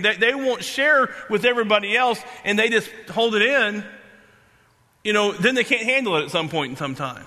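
A man preaching a sermon, halting and repeating himself, then slowing down to stress key words. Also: sits high, bright, forceful tone. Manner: halting, repeats and restarts phrases. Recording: long hall reverb.

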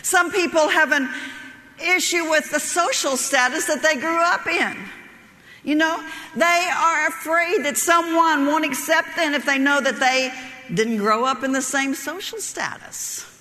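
Brief: woman preacher, high and bright, folksy storyteller, long hall reverb. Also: unhurried. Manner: folksy storytelling, laughs at her own jokes. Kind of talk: sermon with a joke story.

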